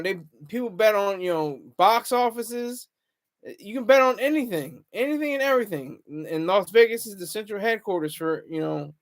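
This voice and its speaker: A man hosting a casual livestream, rambling and chatting with viewers in the comments. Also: high-pitched. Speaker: livestream host.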